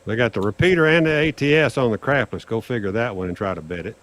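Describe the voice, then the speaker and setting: An older man telling a casino story in casual chat, acting out the dialogue with animated swings in his voice. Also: fast. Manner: animated, acts out dialogue with raised pitch. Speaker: guest storyteller on craps livestream.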